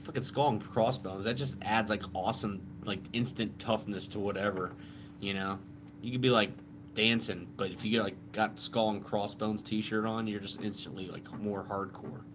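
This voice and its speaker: Laid-back swearing man, lowish voice. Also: fairly even intonation, moderate pace, noisy background. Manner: laid-back, swears freely, reads out viewer comments. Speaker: live stream co-host. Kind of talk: casual live-stream chat.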